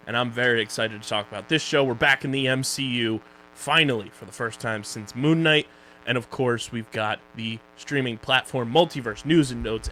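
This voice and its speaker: A man with a Philadelphia accent co-hosts a casual podcast, joking around and rattling off plugs and sponsor reads. His voice sits at an ordinary middle pitch. A faint hum runs under the recording. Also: pushed and bright, poor audio. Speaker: podcast co-host.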